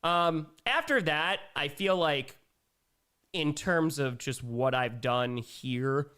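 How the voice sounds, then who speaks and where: A man in his thirties hosting a casual live-stream Q&A, chatting in a relaxed way with lots of fillers. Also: a little high, slow pace, smooth. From United States. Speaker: streamer host.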